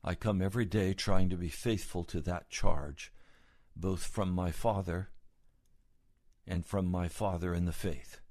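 A male preacher delivering a sermon, speaking slowly and gravely before building into fervent, pleading appeals. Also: low-pitched, steady tone, darkish tone, no room sound, clean studio sound.

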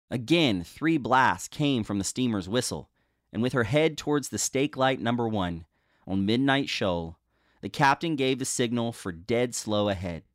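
A man reads an old ghost story aloud as host, measured and expressive. His pitch sits in the middle range. The recording is dry and close. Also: no room sound. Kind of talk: dramatic reading of a ghost story.

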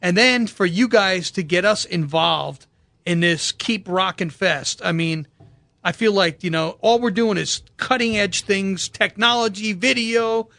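A man's voice: sits high, measured pace, vocal fry, sharp tone, no echo. A man hosting a radio show, telling stories in an enthusiastic, slangy, casual way.

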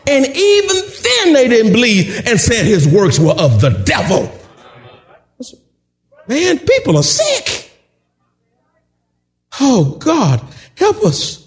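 A man preaching a sermon, emphatic and animated, at times shouting and chuckling as he drives his points home. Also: extremely high pitch. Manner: drawn-out, emphatic delivery.

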